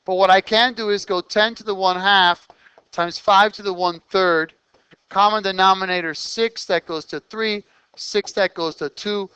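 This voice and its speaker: Crisp-voiced math teacher walking through steps. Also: mid-range voice, steady tone, sharp tone, dry recording, low-quality recording. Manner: talks students through steps with quick check-in questions. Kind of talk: classroom lesson explanation. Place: classroom.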